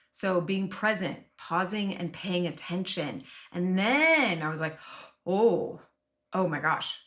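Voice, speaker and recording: A woman's voice: mid-range voice, fairly bright tone. A woman in her forties giving an earnest motivational talk as a wellness coach, stressing and repeating key phrases. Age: 40s. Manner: earnest, emphatic, repeats key phrases, acts out quoted voices.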